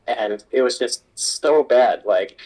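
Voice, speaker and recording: A man's voice: medium pitch, slow pace, a little mellow, low-quality recording. A man, a kitchen supervisor, telling a work story in casual chat and swearing a lot. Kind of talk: casual chat while gaming.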